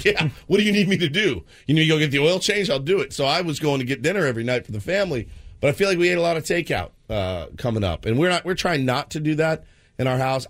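Exasperated rambling man on morning radio. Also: medium pitch. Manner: self-deprecating, exasperated rambling. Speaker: radio show co-host. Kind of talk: casual morning show chat.

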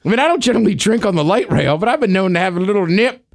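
A man's voice: high voice, lively intonation, racing, vocal fry. A man from D.C. co-hosting a podcast, joking around in laid-back, slangy casual chat. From Washington, D.C. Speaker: podcast co-host.

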